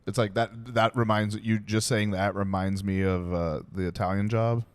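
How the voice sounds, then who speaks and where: Low-voiced man hosting a podcast. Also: steady tone, moderate pace, clear, resonant tone. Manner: loose, joking, stumbling questions. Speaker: podcast host. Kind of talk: casual podcast chat.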